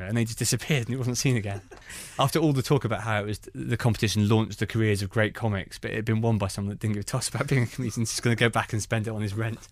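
A man, a stand-up comedian, telling anecdotes in an animated way. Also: lowish voice, quick pace, few pauses, no echo. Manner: animated storytelling. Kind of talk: conversational anecdotes.

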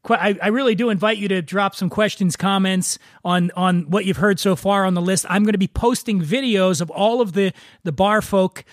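A man's voice: sits high, moderate pace, few pauses, no room sound, studio quality. A man hosting a casual drinks podcast, chatting and telling jokes with frequent stammering restarts. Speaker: podcast host. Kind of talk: casual chat, joke telling.

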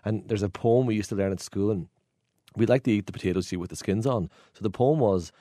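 A man's voice: on the low side, fast, mellow, dry recording, studio quality. A man from Donegal with a Donegal Irish accent, a tour guide telling jokey anecdotes as a guest in a casual chat. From Ireland, Donegal.

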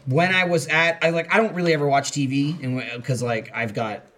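A man's voice: a little high, fairly even intonation, fairly quick, fairly bright tone. An American man hosting a casual podcast chat, rambling with profanity and mocking asides. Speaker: podcast host.

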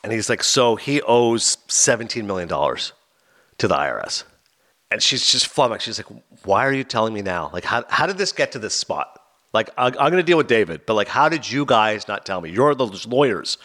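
Speaking a little fast in a voice on the low side, a man co-hosts a casual podcast. He tells stories with energy, briefly imitating the people he's quoting.

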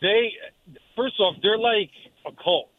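A man's voice: high voice, slow pace, no echo. A man calling in to a sports radio show, talking emphatically and stumbling over the starts of his sentences. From North Jersey. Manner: emphatic, repeats words when starting sentences. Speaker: caller. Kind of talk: phone-in call to sports radio. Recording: tinny phone line.

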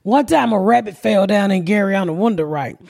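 A woman hosting a podcast, telling profane, animated comedic stories and acting out the people in them. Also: medium pitch, brisk, creaky. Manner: profane, animated, acts out voices in quotes. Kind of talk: casual comedic storytelling.

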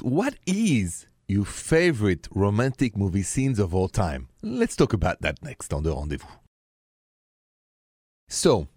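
A man's voice: fairly low pitch, no room sound, clean studio sound. A man with a French accent hosting a late-night radio call-in show, chatty and openhearted. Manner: warm-hearted, chatty, repeats the phone number slowly. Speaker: radio host.

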